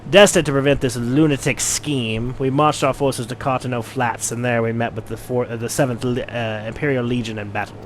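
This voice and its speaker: A man's voice: mid-range voice, fairly even intonation, brisk, few pauses, a little hiss or hum, lightly acted. A man voicing a stern, proud female pirate admiral from a game, attempting a Scottish accent and giving grand, formal speeches with some stumbles. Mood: grave.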